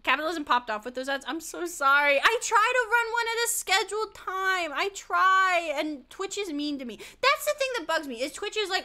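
A woman's voice: very high voice, animated, moderate pace, few pauses, sharp tone. A woman gaming streamer chatting casually while she plays, rambling, giggly, easily sidetracked and swearing a lot.

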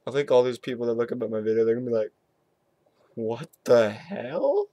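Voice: mid-range voice, little pitch movement, rapid-fire, mellow, no room sound. A young vlogger talking to the camera in a goofy home-video monologue, silly and full of jokes. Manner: silly, swings in and out of joke voices.

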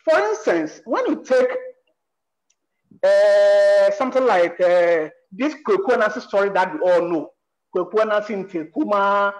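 Animated Ghanaian-accented screenwriter. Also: medium pitch, a little slow, low-quality recording. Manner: animated, emphatic, asks rhetorical questions. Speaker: screenwriter on a panel. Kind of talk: panel discussion.

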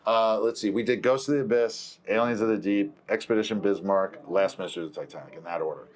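A man's voice: fairly low pitch, fast talker. A male film producer telling a long story in casual conversation, correcting himself as he goes and acting out the dialogue. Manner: rambling, self-correcting, acts out quoted dialogue.

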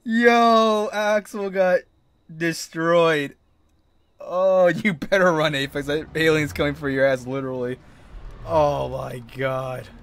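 A man's voice: on the high side, fairly even intonation, slow pace, creaky, fairly bright tone, clean tone, dry recording. A man streaming a horror game, panicking, swearing and laughing nervously as he plays. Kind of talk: live game commentary.

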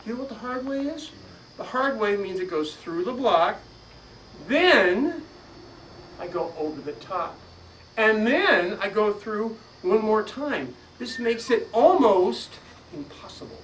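A man performing a magic trick for a live audience, teasing them playfully and drawing shouted answers back from them. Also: high-pitched, expressive, measured pace. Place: magic store lecture room, indoors. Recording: distant mic with noisy live room.

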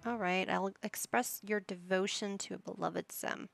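A woman's voice: medium pitch, fairly even intonation, unhurried, gravelly, few pauses, fairly bright tone, no room sound. A woman giving casual commentary while playing a life-sim game, coaxing and scolding her characters like a playful parent. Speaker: gaming YouTuber.

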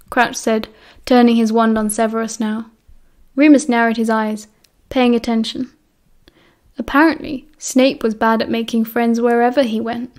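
British woman reading audiobook, kinda higher voice, steady and clear. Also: moderate pace. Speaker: audiobook reader. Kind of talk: audiobook narration.

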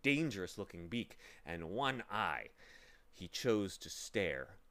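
A man reading a children's novel aloud with slow, dramatic narration. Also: low voice, sing-song, fairly bright tone. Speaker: reader. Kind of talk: storybook reading.

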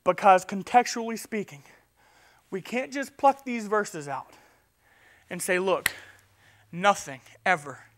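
High, bright-voiced impassioned preacher man. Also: slow, pauses often. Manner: impassioned preaching, swings from loud urgency to quiet; stammers and restarts. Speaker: pastor. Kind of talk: sermon.

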